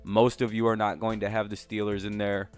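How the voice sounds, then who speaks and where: Man, low smooth voice, casual rambling sports vlog, slightly breathless, faint music behind. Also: flat delivery, fairly quick. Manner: rambling, lots of fillers and profanity. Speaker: channel host.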